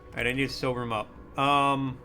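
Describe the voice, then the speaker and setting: A man's voice: mid-range voice, little pitch movement, quick pace, bright, forceful tone, faint music behind. A man in his twenties streaming a game, casually chatting and thinking aloud with self-amused humor. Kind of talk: casual let's-play chat.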